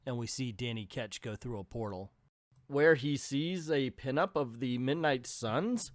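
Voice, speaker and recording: A man's voice: medium pitch, unhurried, clean studio sound. Man, comic book reviewer, casual recap, wisecracking asides, no room echo. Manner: joking asides while retelling.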